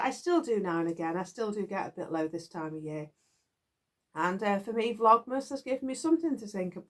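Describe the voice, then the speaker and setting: A middle-aged woman from the UK, chatting casually and rambling to her viewers, with frequent giggles, recorded in a garden shed. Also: medium pitch. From United Kingdom. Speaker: knitting vlogger.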